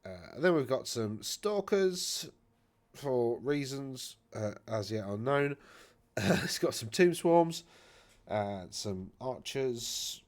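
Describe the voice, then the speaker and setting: A man's voice: medium pitch, very animated, slow pace. A man hosting a wargaming channel, casually talking through tournament army lists in a rambling, chatty way that often corrects itself. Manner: rambling, chatty, self-correcting with many fillers.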